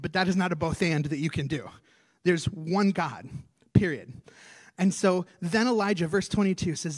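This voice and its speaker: A male pastor preaching a sermon on a church stage, animated and acting out scripture as he tells it. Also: high-pitched, moderate pace, dry recording.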